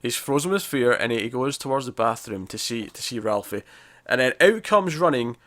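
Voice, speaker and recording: A man's voice: medium pitch, expressive, a bit bright. Rambling man recapping a TV episode. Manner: rambling, restarts, acts out scenes in quick voices. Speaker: podcast co-host reviewing a TV episode. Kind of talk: casual spoiler review chat.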